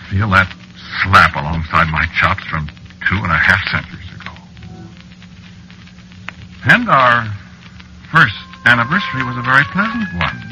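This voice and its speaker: A man's voice: deep voice, sharp tone, exaggerated voice, rough recording. An actor narrating as an ageless man married to a witch in an old-time radio drama, wistful in telling and flustered in dialogue. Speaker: narrator and lead character.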